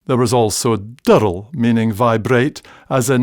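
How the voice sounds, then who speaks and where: A man reads his script slowly and without rush, at an ordinary middle pitch. The sound is close and dry, with no room around it. He tells it in a measured, gently humorous storytelling way. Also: dry recording. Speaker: narrator. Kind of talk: scripted narration.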